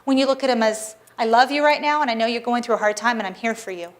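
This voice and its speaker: A woman's voice: fairly high pitch, fairly even intonation, fast talker. A woman practitioner giving a Sunday sermon to her congregation, earnest and encouraging, with playful asides. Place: church service hall.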